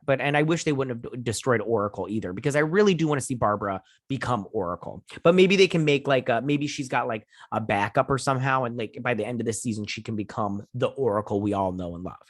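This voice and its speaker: A channel host and TV reviewer rambles casually through an episode recap and review, narrating with frequent "he's all like" retellings. The recording is clean and dry, studio quality, and his voice sits at a medium pitch.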